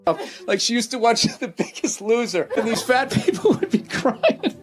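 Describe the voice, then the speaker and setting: A man's voice: very high-pitched, sing-song, normal speed, over music. Laughing male stand-up comic. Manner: amused, laughing while telling a story. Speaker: stand-up comedian. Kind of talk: stand-up comedy.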